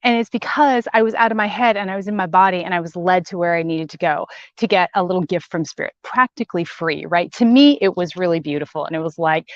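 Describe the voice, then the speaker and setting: A woman's voice: lowish voice, fast talker, few pauses, no room sound. A woman hosting a live spiritual broadcast, talking emphatically, repeating words and reading out viewer comments. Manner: chatty, warm-hearted, reads viewer comments aloud. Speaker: spiritual channeler and host. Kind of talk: live-streamed spiritual message. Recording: dull lo-fi stream audio.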